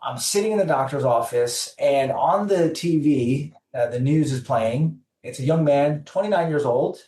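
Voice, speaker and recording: A man's voice: mid-range voice, moderate pace. Guy telling a story on a podcast, acts out the dialogue, sounds kinda far off in an echoey room. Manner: animated storyteller acting out dialogue. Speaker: podcast guest. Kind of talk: storytelling in an interview.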